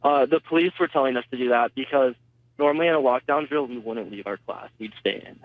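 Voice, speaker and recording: A man's voice: mid-range voice, a little fast, dry recording. A teenage boy, a student, telling his story in a phone interview, hesitant and full of fillers. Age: teens. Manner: hesitant, retelling events with many fillers. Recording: tinny phone line, dry.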